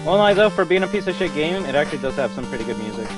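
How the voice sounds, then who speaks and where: Excitable young male game streamer. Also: on the high side, very fast, recorded from a distance. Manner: excitable, swears often, reads chat aloud. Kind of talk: casual live-stream chat. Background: game music.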